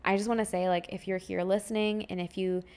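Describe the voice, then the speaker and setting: A woman's voice: mid-range voice, little pitch movement, fast talker, a little mellow, smooth. A young adult woman hosting her own podcast, giving a heartfelt, rambling casual update with many fillers. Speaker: podcast host.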